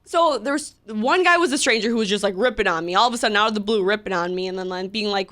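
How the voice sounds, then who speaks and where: A young woman in her twenties co-hosts a casual podcast chat, her voice sitting at an ordinary middle pitch. She tells stories with animated energy and leans on "like" constantly. She restarts her sentences often and laughs along the way. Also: quick pace, few pauses. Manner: animated storytelling, heavy use of "like", frequent restarts and laughs. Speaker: podcast co-host.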